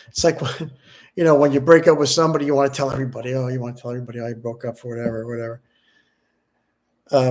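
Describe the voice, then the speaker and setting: A middle-aged man, grieving and subdued, talking haltingly in a personal vlog, with many restarts and fillers. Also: mid-range voice, darkish tone. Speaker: vlogger.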